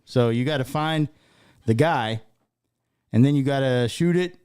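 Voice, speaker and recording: A man's voice: mid-range voice, a little slow, darkish tone, clean tone. A man co-hosting a casual podcast in a laid-back way, swearing and saying dude. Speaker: podcast co-host. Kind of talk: casual sports and pop-culture chat.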